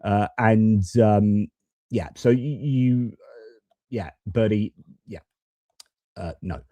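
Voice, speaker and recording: A man's voice: on the low side, slow pace, dry recording, dull audio. A man commenting on news clips in a casual, hesitant way, with many fillers and restarts. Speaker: political commentator.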